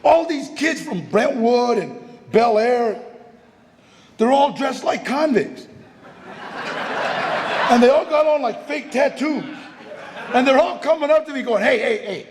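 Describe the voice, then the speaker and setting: A man telling his recovery story to a live audience, loud and animated, laughing as he acts out the people in his tale. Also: very high-pitched, a little slow, pauses often. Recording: reverberant hall with noticeable background noise.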